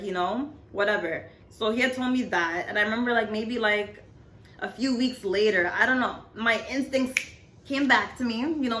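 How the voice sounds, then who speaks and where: A young woman chats her way through a personal story, leaning on "like" and "you know" as she goes. Her voice sits mid-pitch and bounces around an echoey room, with a faint hiss underneath. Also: fairly bright tone. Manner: chatty, filler-heavy, frequent "like, you know". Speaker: storytime vlogger. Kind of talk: casual storytelling.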